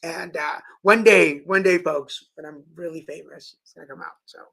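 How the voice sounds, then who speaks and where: A man hosts a casual live-stream chat with a bright, forceful tone. He tells stories in an animated, playful way. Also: a little high, moderate pace, gravelly. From Texas. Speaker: host.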